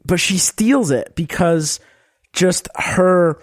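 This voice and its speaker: A man's voice: high-pitched, takes it slowly, no echo, clean studio sound. A man with a New York accent, co-hosting a podcast in a rambling casual way with many restarts. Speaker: podcast co-host.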